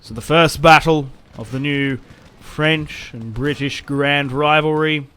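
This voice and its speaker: A young man giving casual commentary over a strategy game, chatty and quick to react loudly when things go wrong. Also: a little high, smooth. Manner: chatty, reacts loudly to setbacks, self-mocking laughs. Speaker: gaming YouTuber.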